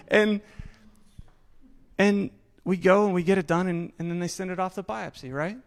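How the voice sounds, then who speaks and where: Male speaker, 30ish, fairly high voice, frank personal story with acted-out dialogue, self-mocking humor. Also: fairly even intonation, normal speed, creaky, pauses often, low-quality recording. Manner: candid, self-deprecating, acts out dialogue. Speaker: speaker telling his survival story. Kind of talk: personal storytelling talk on stage.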